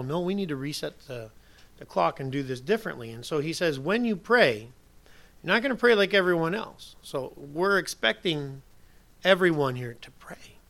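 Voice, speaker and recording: Emphatic bright-voiced pastor preaching. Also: male voice, fairly high pitch. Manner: emphatic, swinging from soft asides to loud declarations. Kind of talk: sermon.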